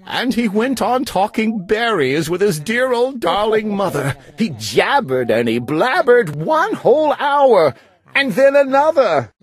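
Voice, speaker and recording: A woman reads a children's rhyming story aloud. Her delivery is slow and sing-song, swooping widely up and down. The voice has a soft, breathy quality. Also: mid-range voice, sing-song.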